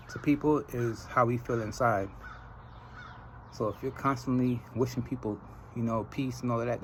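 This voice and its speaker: A Trinidadian man hosts a podcast in a loose, casual monologue. His voice sits in the middle of the male range, and he tells animated stories and laughs often. A faint background noise runs under the recording. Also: mid-range voice, low-quality recording. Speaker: podcast host.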